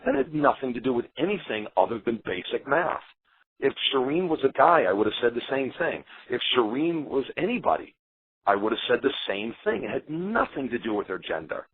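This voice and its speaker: A man's voice: mid-range voice, fairly quick, husky, no echo. A man, an eliminated contestant, telling his side in a heated interview and acting out what others said. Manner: animated, defensive storyteller acting out quotes. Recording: tinny phone line.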